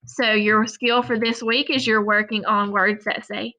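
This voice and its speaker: A woman teacher giving a recorded phonics lesson to young children, sounding out words slowly and deliberately. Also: a little high, steady tone, bright, forceful tone.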